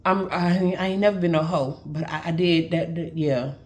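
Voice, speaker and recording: A woman from Brooklyn, telling a personal story to her viewers in a chatty, animated way. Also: fairly low pitch, normal speed. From Brooklyn, New York. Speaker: storyteller on social video. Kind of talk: casual storytime vlog.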